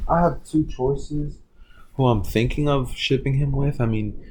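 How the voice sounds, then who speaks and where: A man's voice: mid-range voice, a little slow, a little mellow, slight background noise. Rambling young man narrating fan fiction. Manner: rambling, filler-heavy, loose and offhand. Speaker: channel host telling a fan story.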